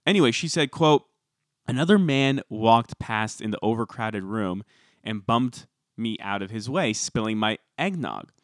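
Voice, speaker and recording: A man hosts a casual podcast in a relaxed, gossipy way, reading out quotes between his own asides. His voice is recorded dry and close, with no room sound. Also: fairly low pitch, unhurried, no room sound. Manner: chatty, gossipy, reads quotes aloud. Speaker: podcast co-host. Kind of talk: casual chat.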